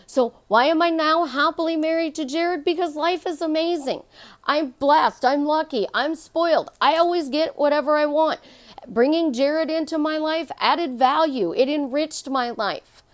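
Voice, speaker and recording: A woman's voice: sits high, moderate pace. A middle-aged woman, a life coach, giving an emphatic motivational monologue and repeating phrases to drive her point home.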